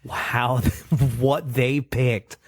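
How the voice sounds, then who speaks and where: A man co-hosts a casual podcast chat at an unhurried pace and a middle pitch. His voice is dry and close, with no room sound. He talks in a relaxed way and reads out the show's plugs. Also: breathy edge, no room sound. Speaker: podcast co-host.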